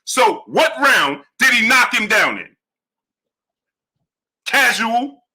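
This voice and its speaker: Animated bright-voiced male boxing streamer. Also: a little slow, breathy edge. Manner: animated, repeats "right?" and "you understand?"; low mumbled shout-outs to viewers. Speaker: livestream host. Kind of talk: live boxing commentary and chat shout-outs.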